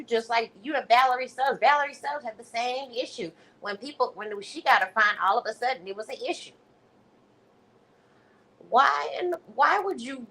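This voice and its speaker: A woman host telling a story on a casual livestream, animated and freely profane. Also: mid-range voice, poor audio.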